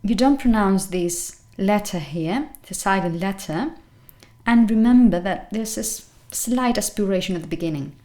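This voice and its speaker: Woman language teacher, slow deliberate pronunciation, repeats each word. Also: medium pitch, lively intonation, darkish tone. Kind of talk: pronunciation lesson.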